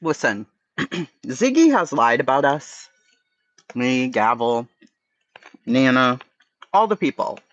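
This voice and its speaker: A man's voice: mid-range voice, very animated, takes it slowly, pauses often, a bit bright, no room sound, highs cut off. A man with a Boston accent hosting a casual livestream chat, blunt and profane, answering his chat. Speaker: livestream host.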